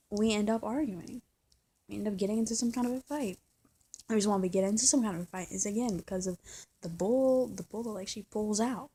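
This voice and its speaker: A woman with a husky, breathy voice vents in a casual vlog rant. She rambles, circling back with frustrated asides, at an ordinary middle pitch. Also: brisk, mellow.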